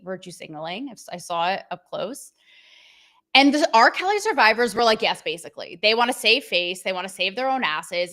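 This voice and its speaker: A woman's voice: medium pitch, bright, forceful tone. A woman hosting a livestream show, talking bluntly and sarcastically to her chat. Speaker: show host.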